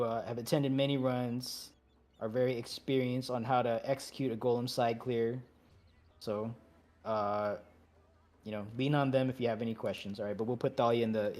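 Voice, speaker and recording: A man talks a group through a game raid over a voice chat mic. He sounds easygoing and chatty, with apologetic asides. His voice sits at an ordinary middle pitch. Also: fairly even intonation, normal speed, a little mellow. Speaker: raid leader. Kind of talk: giving instructions over voice chat.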